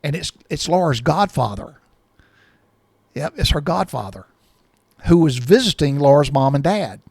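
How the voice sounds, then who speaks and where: A man's voice: on the high side, lively intonation, moderate pace, vocal fry, a little mellow, no room sound. A man in his sixties telling a personal story in a folksy, rambling way, often repeating himself.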